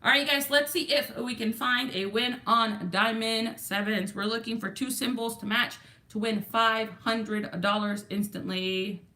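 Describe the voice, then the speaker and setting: A woman's voice: fairly high pitch, steady tone, unhurried, sharp tone. A woman with a Texan accent hosting a livestream, chatting casually and greeting viewers from the chat. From Texas. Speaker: livestream host.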